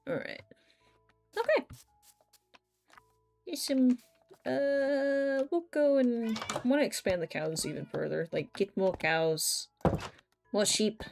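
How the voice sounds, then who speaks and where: A woman's voice: on the high side, slow, gravelly, pauses often, darkish tone, faint music behind. A young woman chatting casually while she plays a game on a live stream, telling stories animatedly and swearing now and then.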